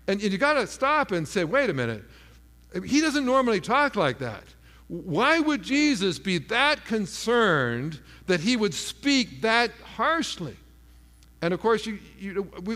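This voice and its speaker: Animated preacher in a reverberant hall. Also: male voice, high-pitched. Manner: animated, acts out voices of the people in the story. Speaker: pastor. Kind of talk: sermon.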